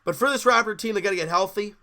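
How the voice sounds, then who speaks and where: Hosting a sports podcast, a man breaks down a live basketball game the way a fan would, candid and exasperated. His voice is high and sharp, and he talks in rapid-fire bursts. It's casual live game commentary.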